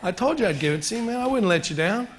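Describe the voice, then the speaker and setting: A man's voice: sits high, expressive, fast talker, a little hiss or hum. A middle-aged man giving a chatty, joking real estate seminar, asking the audience questions. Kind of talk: live seminar talk to an audience.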